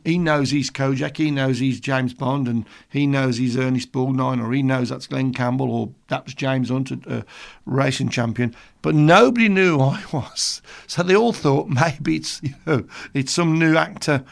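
A man in his sixties with a Birmingham accent presents a radio show, wandering off into a story between songs. His voice is gravelly and sits at an ordinary male pitch. He talks in a loose, self-amused way, full of asides. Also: fairly bright tone. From England. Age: 60s.

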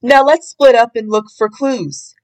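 A woman doing a calm, low-voiced gang leader. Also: unhurried, close to an everyday voice. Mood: steady. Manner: calm, take-charge. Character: confident young male gang leader.

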